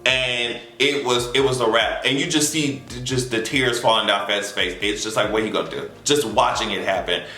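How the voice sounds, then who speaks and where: Male vlogger, casual recap, cussing and animated; bright tone, roomy echo. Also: mid-range voice, moderate pace, hardly any pauses. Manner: animated, profane storytelling with acted reactions. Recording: echoey room with faint music.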